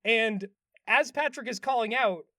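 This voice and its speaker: A man's voice: very high-pitched, measured pace, pushed and bright, no echo, studio quality. A man casually retelling a cartoon episode on a podcast, rambling with lots of fillers and acting out bits of dialogue. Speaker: podcast co-host recapping an episode. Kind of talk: casual chat.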